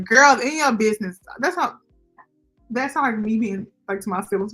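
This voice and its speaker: A woman's voice: on the high side, moderate pace, fairly bright tone, soft background music. A young woman, chatting casually with viewers as a livestream host. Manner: chatty, talks to viewers and chat directly. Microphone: computer microphone.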